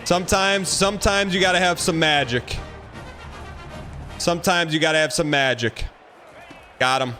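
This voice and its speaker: A man streaming a football video game, giving excitable running commentary and repeating phrases as he plays. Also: a little high, moderate pace, pauses often, soft background music. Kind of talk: live gameplay commentary.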